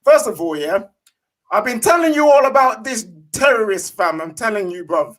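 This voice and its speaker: A man's voice: high-pitched, big pitch swings, normal speed, a bit bright. A man giving an emphatic, slang-heavy fan rant as a panelist.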